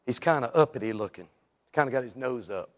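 A male evangelist, telling an animated story in a sermon and acting out the people in it. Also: medium pitch, a little fast. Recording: long reverb in a large hall.

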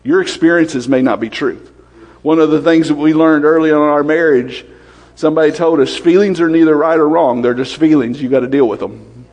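Man, preacher, lively sermon, rapid questions to the congregation, somewhat high voice, echoing church hall.

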